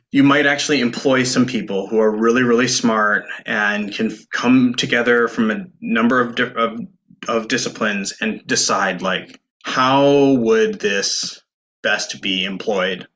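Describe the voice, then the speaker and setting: A man co-hosting a podcast in casual chat, thinking aloud in a halting way and often restarting sentences. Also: on the low side, bright, forceful tone, poor audio. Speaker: podcast co-host.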